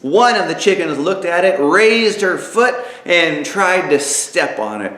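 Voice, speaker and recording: A man narrating an inspirational story aloud, dramatic and lively, with spoken sound effects. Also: high-pitched, unhurried. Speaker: author and narrator. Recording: echoey room.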